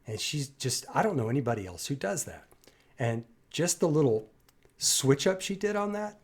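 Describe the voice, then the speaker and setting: A man's voice: fairly high pitch, big pitch swings, moderate pace, breathy edge. A man hosting a music reaction video, breaking down a singer's performance in an enthusiastic, admiring way that rambles with restarts. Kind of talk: music analysis commentary.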